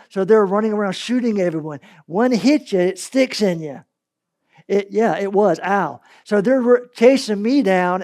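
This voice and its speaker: A man preaching a sermon as pastor, telling stories in a lively way and swinging between loud and soft. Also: sits high.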